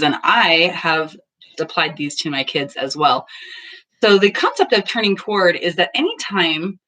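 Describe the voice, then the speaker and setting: A woman's voice: on the low side, pushed and bright. Woman in her thirties, earnest parenting talk, casual, plays out little dialogues. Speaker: parenting vlogger. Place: home, just in from the garden.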